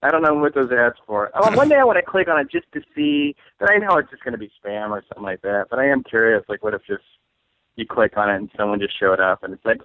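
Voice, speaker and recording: A male comedian from Saint Louis rambles through his stories with lots of filler words. His voice sits at a middle pitch. It comes across thin and phone-like, with no room sound at all. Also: expressive, fast, dry recording. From Saint Louis, USA. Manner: rambling, heavy on fillers, laughs often. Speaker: comedian guest. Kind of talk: casual comedic chat. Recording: tinny phone-like line, dry.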